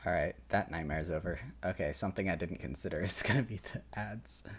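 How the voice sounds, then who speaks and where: A man with a low voice talks fairly quickly over a slight hiss or hum, rambling casually in his room at home. He reacts to things, swears and chuckles often, and a game soundtrack plays softly behind him.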